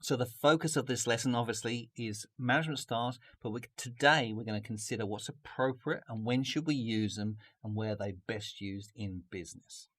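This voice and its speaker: A man's voice: mid-range voice, fairly quick, few pauses, fairly bright tone. A man teaching a business video lesson, jokey and upbeat, with a close mic. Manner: jokey, puts on a mock French accent at times.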